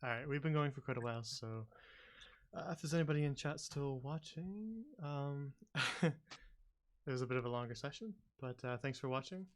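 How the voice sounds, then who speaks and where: A relaxed man running a tabletop game session, his voice pitched in the middle range. He talks loosely with lots of ums and uhs and laughs easily. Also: normal speed. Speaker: game master. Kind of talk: casual tabletop game talk.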